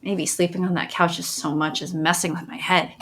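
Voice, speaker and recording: A woman's voice: lowish voice, a little fast, noisy background. A woman streamer reading a visual novel's narration aloud in a playful tone. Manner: reads game narration aloud in a lively, playful tone. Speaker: let's play streamer.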